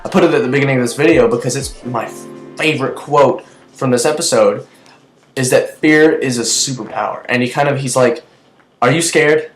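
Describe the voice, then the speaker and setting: Excitable young man rambling in an echoey room. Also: medium pitch, a little fast. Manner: excitable, chatty, full of fillers and restarts. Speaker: TV episode reviewer. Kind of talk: casual rambling review. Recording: echoey room with faint music.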